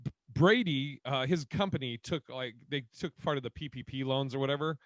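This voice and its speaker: A man's voice: mid-range voice, a little fast, fairly bright tone, no room sound. Man, casual podcast host, swears a lot, acts out quotes, dry close-mic sound.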